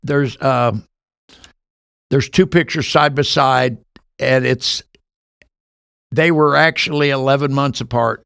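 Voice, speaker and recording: A man's voice: medium pitch, steady tone, slow pace, creaky, pauses often, a bit bright, clean tone, no echo, studio quality. A man in his sixties, a podcast guest telling his life story earnestly, acting out the dialogue he recounts.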